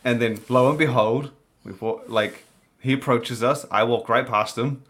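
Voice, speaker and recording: A man's voice: mid-range voice, steady tone, moderate pace, a bit bright. A man in casual chat, telling a travel anecdote in a rambling, laid-back way with many fillers.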